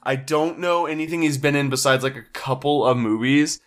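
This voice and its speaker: Wry laid-back man, slightly higher voice. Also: fairly quick. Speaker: podcast co-host. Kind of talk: casual chat.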